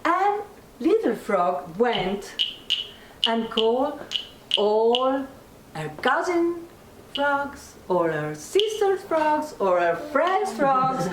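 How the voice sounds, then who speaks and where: Slow, animated woman storyteller. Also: high voice. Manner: animated, laughing, drawing the audience in. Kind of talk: live oral storytelling with audience participation. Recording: echoey room, distant mic, background noise.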